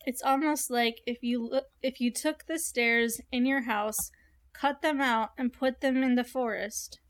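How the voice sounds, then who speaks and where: Young woman, high voice, casual podcast chat, animated, curious, swears casually. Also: unhurried. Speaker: podcast host reading and reacting to a story. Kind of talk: casual chat with story reading.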